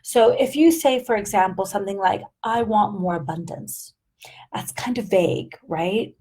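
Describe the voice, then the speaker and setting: A woman's voice: medium pitch, normal speed, warm tone, husky. A middle-aged woman coaching viewers in a live motivational talk, upbeat and emphatic, checking in with "right?" and "okay?" as she goes. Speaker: life coach.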